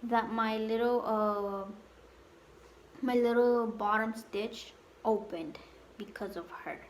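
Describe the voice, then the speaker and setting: A young adult woman telling a casual storytime vlog, halting and repetitive with many fillers. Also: a little high, steady tone, slight background noise. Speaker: vlogger.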